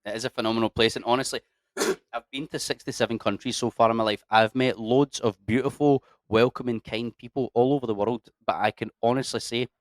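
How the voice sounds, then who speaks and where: A man's voice: medium pitch, brisk, dry recording, clean studio sound. A Scottish man chatting casually as an interview guest, swearing freely and putting on voices as he tells stories. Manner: sweary, animated storyteller, puts on voices for locals.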